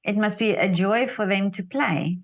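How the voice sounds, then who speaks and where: A woman's voice: medium pitch, moderate pace, highs cut off. Encouraging Afrikaans-native woman interviewer. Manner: encouraging, frequent short affirmations. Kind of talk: casual interview conversation.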